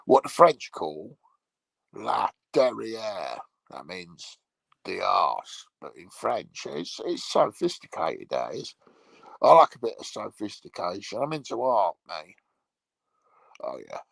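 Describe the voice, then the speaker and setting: A man playing a crude male troll, delivering a rambling, swear-filled comedy monologue in a gravelly, husky voice. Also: fairly low pitch, big pitch swings, slow pace, a bit bright, no room sound, heavily acted, rough recording.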